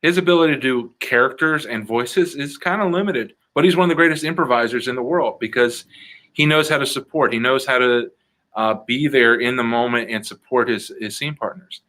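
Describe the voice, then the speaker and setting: Improv guy from around chicago, chill and earnest, bright voice. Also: medium pitch, a little fast. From Chicago area. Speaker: improv comedian guest. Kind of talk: casual interview answers.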